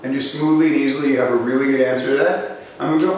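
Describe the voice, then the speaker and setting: A sales trainer with a medium-pitched voice talks very fast while teaching a live seminar, telling animated stories, acting out voices, and asking his audience questions. He's recorded from a distance in an echoey hall, with slight background noise.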